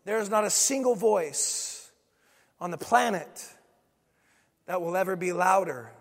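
A man with a high, ringing voice delivers a sermon, driving his points home through insistent repetition. His voice carries a long reverb, as if in a big church hall. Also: expressive, unhurried, long pauses. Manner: preaching with swelling intensity, emphatic repetition. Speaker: pastor.

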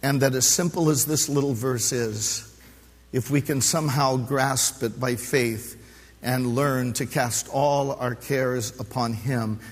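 A middle-aged male pastor preaching a sermon, impassioned, rising to loud emphatic peaks and dropping to hushed low passages. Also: steady tone, slow. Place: church sanctuary during a service. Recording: long reverb of a large church hall.

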